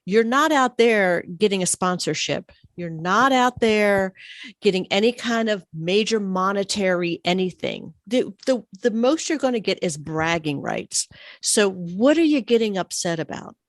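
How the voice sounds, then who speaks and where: A woman's voice: mid-range voice, animated, measured pace, no room sound, clean studio sound. A woman co-hosting a podcast, speaking plainly and making her point with rhetorical questions. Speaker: podcast co-host. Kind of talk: casual chat.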